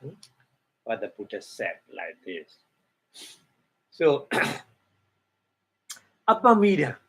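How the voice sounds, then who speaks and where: Male meditation teacher, mid-pitch, slow and halting, repeats terms, explaining word by word. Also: huge pitch swings, fairly bright tone, slightly rough. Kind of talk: dharma lecture.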